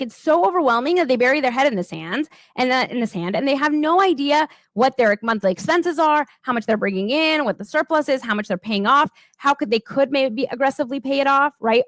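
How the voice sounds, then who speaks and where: A woman's voice: sits high, dry recording. A woman in her thirties giving a casual motivational talk as a coach, chatty and peppered with "like" and "right?".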